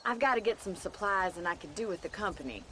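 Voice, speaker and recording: A spirited young ranch hand who teases and challenges with a lively, animated delivery. Her voice is bright and forward, with game music faintly underneath. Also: medium pitch, fast talker, a little hiss or hum. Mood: friendly. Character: spirited young ranch woman, bold and teasing. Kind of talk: video game dialogue.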